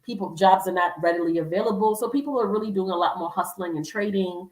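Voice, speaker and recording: A woman's voice: medium pitch, fast talker, a little mellow, roomy sound, distant mic, low-quality recording. A woman giving casual travel advice as a vlogger, chatty with lots of fillers, acting out quoted voices.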